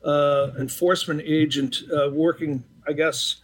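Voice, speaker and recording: This Boston-area man, a retired hockey referee and interview guest, has a slightly high voice with fairly even intonation and a somewhat slow pace. He tells anecdotes casually, acting out quoted exchanges between restarts full of filler.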